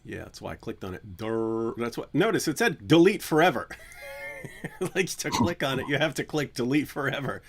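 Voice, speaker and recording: A man's voice: mid-range voice, big pitch swings, fairly quick, slight background noise. A man hosting a livestream in casual chat, joking and teasing his co-host. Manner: joking, teasing, breaks into mock singing.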